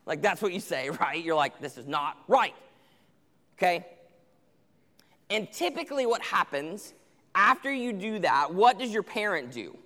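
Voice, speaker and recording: A young man's high voice sounds pushed and bright as he gives a very animated sermon to teenagers at normal speed. Speaking conversationally, he acts out lines from parents and teens, with a long hall reverb around him.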